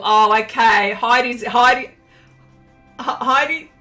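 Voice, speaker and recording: A woman's voice: a little high, slow, bright, forceful tone, faint music behind. An Australian woman hosting a casual art live stream. She chats with viewers, reads their comments aloud and laughs often. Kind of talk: casual live-stream chat while painting.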